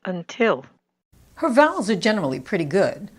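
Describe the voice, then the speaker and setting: A woman with a Canadian accent, a pronunciation coach giving instructional commentary and modeling words slowly and clearly. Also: mid-range voice, sing-song. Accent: Canadian English.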